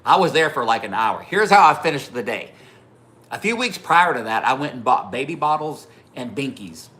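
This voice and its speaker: Male streamer, forceful bright tone, loose profane storyteller who chats with his audience. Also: medium pitch, normal speed. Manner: animated, swearing, laughing through anecdotes; talks to viewers by name between stories. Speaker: livestream host. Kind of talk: casual storytelling to a live chat.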